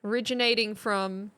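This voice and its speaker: A woman's voice: medium pitch, a bit bright, smooth. An Australian woman chatting casually on a live stream, quizzing her chat like a teacher. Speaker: substitute streamer.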